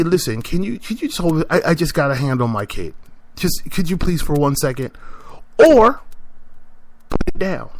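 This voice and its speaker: A man's voice: medium pitch, dry recording. A man hosting a podcast, telling a story in a casual monologue, emphatic and repeating himself as he makes his point. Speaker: podcast host.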